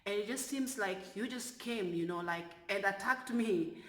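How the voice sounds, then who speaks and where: A woman, a flight attendant, telling a story from work in an animated way that turns loud when she is exasperated. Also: medium pitch, normal speed, roomy sound. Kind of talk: storytelling vlog.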